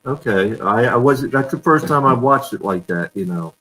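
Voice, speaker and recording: A man's voice: medium pitch, expressive, normal speed, fairly bright tone, low-quality recording. A man hosting a casual live-streamed fan chat, telling stories and laughing often over a video call. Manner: chatty storyteller, laughs often. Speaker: fan show host.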